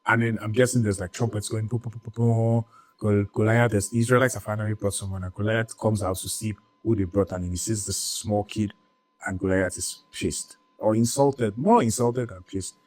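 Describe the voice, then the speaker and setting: A man with a low voice retelling a Bible story for a church audience. He keeps it loose and conversational, peppering it with "like," "right?" and little jokes. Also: steady tone, normal speed, darkish tone, low-quality recording. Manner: chatty, lots of "like" and "right?", jokey asides.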